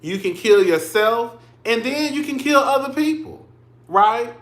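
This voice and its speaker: A man's voice: very high-pitched, animated, unhurried, echoey room. A man in his thirties hosting casual livestream commentary, chatty and emotional, calling his listeners "girl" and "y'all". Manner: emotional, tearing up on stream.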